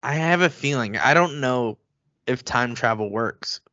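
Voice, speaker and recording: Excitable ranting man on a podcast. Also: mid-range voice, dry recording, lo-fi sound. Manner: excitable, ranting, quick to get heated. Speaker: podcast co-host. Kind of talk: casual sports chat.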